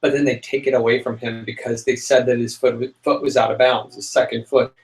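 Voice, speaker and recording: A young man co-hosting a casual chat show, telling a story with lively, dramatic outbursts. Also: medium pitch, brisk, poor audio. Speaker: podcast co-host.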